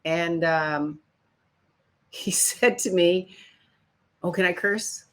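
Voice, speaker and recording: An older woman from Chicago telling stories about her career in an interview, acting out other people's lines. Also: very slow. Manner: animated storyteller, acts out quotes in higher voices. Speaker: guest. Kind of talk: storytelling interview.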